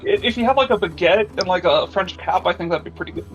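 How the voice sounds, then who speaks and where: A man's voice: sits high, fast, a bit bright, dull audio, soft background music. A man from Wisconsin with a Wisconsin accent, chatting in game voice chat in a rambling, joking, self-deprecating way. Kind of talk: gaming voice chat.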